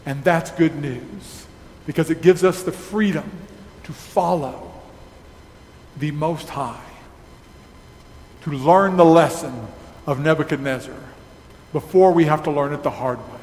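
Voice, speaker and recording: A man pastor giving a sermon in a church, preaching slowly and emphatically and closing in prayer. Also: fairly high pitch, a little mellow. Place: church sanctuary. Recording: echoey hall with faint noise.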